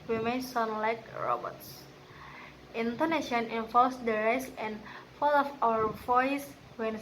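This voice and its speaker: A woman with an Indonesian accent, a native Indonesian speaker, steadily reading a class presentation from a script. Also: on the high side. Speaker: student presenter. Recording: clear background noise.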